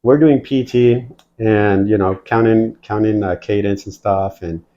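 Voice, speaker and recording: A man with a lowish voice tells stories in a casual, animated way, swearing freely and acting out quoted dialogue. The recording sounds dull and lo-fi. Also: a little slow. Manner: profane, animated storytelling, acts out quoted dialogue. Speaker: guest, military veteran. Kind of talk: casual storytelling.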